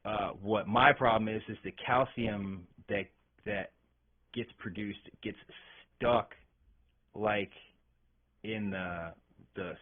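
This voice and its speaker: A man's voice: on the low side, steady tone, slow, long pauses. A man on a podcast telling a rambling, profane story with lots of fillers and restarts. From Arkansas. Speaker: podcast guest, metal vocalist. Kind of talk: casual storytelling chat. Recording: tinny phone-like podcast audio.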